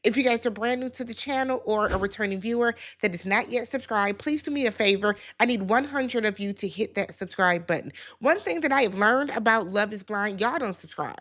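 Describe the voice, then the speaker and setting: A woman hosting a casual reality-TV recap, chatty and animated, talking straight to her viewers. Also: mid-range voice, fairly quick, few pauses. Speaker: YouTube reality-show recap host.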